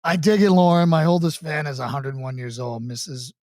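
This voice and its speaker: A man's voice: fairly high pitch, fairly quick, no echo, studio quality. A man from the Boston area, a pastor co-hosting a casual chat, joking and laughing often. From Boston area, USA. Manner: jokey, animated, laughs often. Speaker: pastor and show host.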